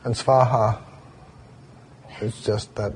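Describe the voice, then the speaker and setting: A man giving a dharma talk as a meditation teacher, telling stories and slowly spelling out Sanskrit chant words. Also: on the low side, little pitch movement, a little mellow, slight background noise.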